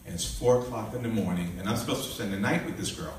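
A man's voice: on the low side, fast talker, slight background noise. A man in his sixties, a minister, telling his life story with animation, acting out the dialogue and laughing often. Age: 60s. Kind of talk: testimony storytelling. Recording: echoey room, voice from a distance.

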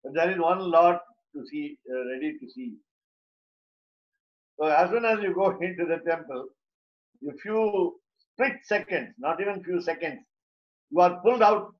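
A man's voice: fairly high pitch, expressive, normal speed, pauses often. Man teaching scripture, muffled. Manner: explains Sanskrit terms word by word, with frequent fillers and restarts. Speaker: religious teacher. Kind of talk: scripture lecture. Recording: muffled lo-fi recording.

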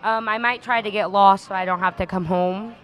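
A woman's voice: mid-range voice, fairly even intonation, a little fast, a bit bright, poor audio. A teenage girl cheerleader being interviewed, cracking cheeky jokes. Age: teens. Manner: cheeky, wisecracking. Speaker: guest, cheerleader. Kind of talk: casual interview chat.

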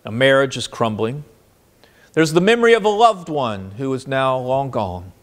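A man's voice: medium pitch, normal speed. Male pastor giving a sermon, rises and drops a lot, asks the crowd questions. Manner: expressive, swings between soft and animated.

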